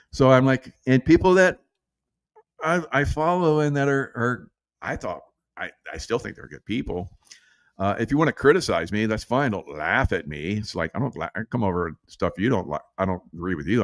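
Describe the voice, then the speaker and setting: A brash middle-aged man talks through casual political commentary in a low voice. He laughs often and mimics his critics with quick put-on voices. The recording is dry and close. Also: dry recording. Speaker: show host.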